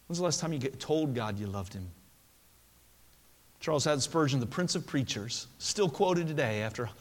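A man preaching a sermon to a congregation in a church, telling a story earnestly and dropping to a soft voice for emphasis. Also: mid-range voice. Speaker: pastor. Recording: long hall reverb.

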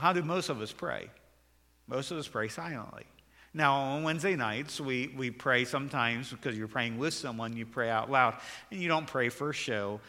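A man preaches a sermon in an earnest way, often climbing louder and higher on key phrases and repeating words. His voice sits a little high and sounds bright and forceful. It rings out with a long hall reverb. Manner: earnest, rises in pitch and volume for emphasis, repeats words. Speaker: pastor.

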